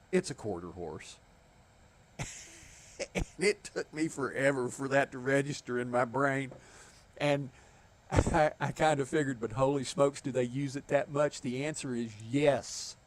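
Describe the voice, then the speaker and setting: A middle-aged man from the southeastern United States, with a Southern US accent, chats casually and tells stories while streaming a game. He's a chatty storyteller who chuckles often. His voice is mid-range, and there's a little hiss or hum on the recording.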